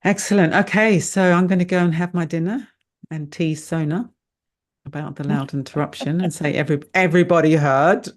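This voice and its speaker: A woman's voice: lowish voice, moderate pace. A woman in her later years, a meditation teacher, chatting casually and laughing at herself while closing a live online session over a video call. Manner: chatty and self-deprecating, laughs easily.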